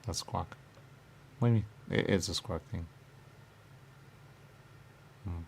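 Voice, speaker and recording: A low, gravelly man wanders through a rambling back-and-forth with himself. He repeats words over and over and sometimes drops into a whisper. A faint hiss sits under the recording. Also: slow. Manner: circular, repetitive musing with sudden whispers. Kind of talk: rambling self-dialogue, asking and answering himself.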